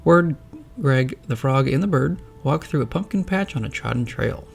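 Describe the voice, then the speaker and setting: Gravelly man narrating a storybook. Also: mid-range voice, lively intonation, moderate pace. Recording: soft background music.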